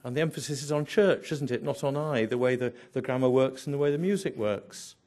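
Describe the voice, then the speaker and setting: A man's voice: mid-range voice, a little fast, few pauses, a little mellow. A man preaching a sermon, emphatic, building through repeated phrases and rhetorical questions.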